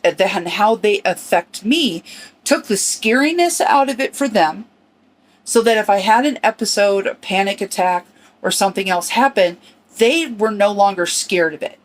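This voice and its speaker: A middle-aged woman talks in an earnest, personal podcast monologue. She speaks in short phrases with small restarts, reflective and sincere, her voice sitting at an ordinary pitch for a woman. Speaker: podcast host.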